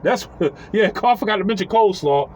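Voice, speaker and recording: A man telling a casual, profane story, animated and chuckling as he acts out what people said. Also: high voice, fairly quick, slight background noise, low-quality recording.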